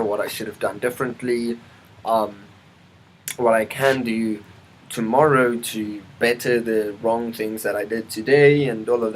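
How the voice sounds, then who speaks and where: A man's voice: on the low side, low-quality recording. A man vlogging in a casual, rambling monologue, full of ums, restarts and side remarks. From South Africa. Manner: rambling, self-interrupting, many ums and restarts; chatty, asides to the weather.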